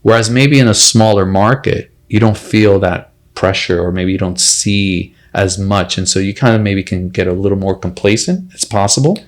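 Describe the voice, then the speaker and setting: Earnest low-voiced male podcast host. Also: normal speed, hardly any pauses. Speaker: podcast host, plastic surgeon. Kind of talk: casual podcast interview.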